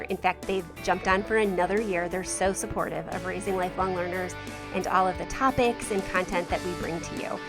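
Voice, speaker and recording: A woman podcast host talking in a chatty, enthusiastic way. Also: mid-range voice. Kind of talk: podcast ad read and talk. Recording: music bed behind voice.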